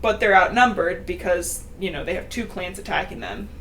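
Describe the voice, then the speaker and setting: A woman's voice: on the low side, moderate pace, crowd noise. Chatty young woman recapping a book. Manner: chatty, laughing, swearing asides. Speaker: podcast host. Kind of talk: casual book recap chat. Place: home.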